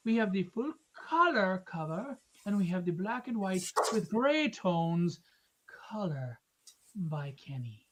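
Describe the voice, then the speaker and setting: A man's voice: sits high, big pitch swings, slow pace, noisy background. Joking, rambling live-stream host man. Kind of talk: casual live-stream chat with plugs.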